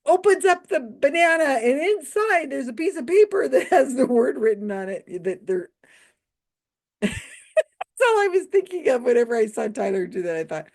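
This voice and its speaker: A woman's voice: high voice, very animated, normal speed, a little mellow. A woman who works in mentalism, giving a casual commentary monologue, amused and laughing often as she retells what she saw. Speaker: YouTube commentator.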